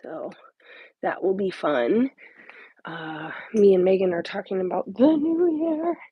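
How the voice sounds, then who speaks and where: A woman's voice: medium pitch, animated, a little slow, husky, dry recording, dull audio. A woman hosting a casual crafting livestream from home into a phone or tablet mic, rambling and dropping into half-whispered asides to herself. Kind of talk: casual live-stream chat.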